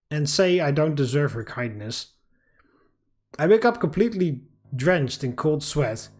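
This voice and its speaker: A man's voice: a little high, darkish tone. Man narrating a game playthrough. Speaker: let's play host. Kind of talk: reading a visual novel aloud.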